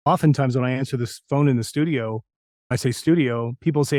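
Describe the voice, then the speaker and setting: A middle-aged man, a voice actor, telling stories from his career in a casual interview, animated and sometimes slipping into impressions. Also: mid-range voice, a little fast, no echo, clean studio sound. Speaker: voice actor guest.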